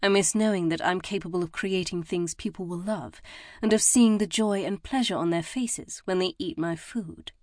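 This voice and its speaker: Low-voiced woman narrating an audiobook. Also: dry recording, studio quality. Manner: measured and expressive. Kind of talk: first-person scripted narration.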